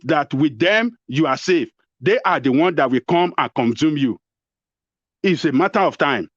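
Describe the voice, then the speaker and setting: A Nigerian man with a slightly high voice argues hard, cutting in and repeating himself as he presses his case. The sound is close and dry but muffled, like a lo-fi stream. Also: no room sound. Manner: combative, interrupting, repeats himself. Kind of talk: heated live debate.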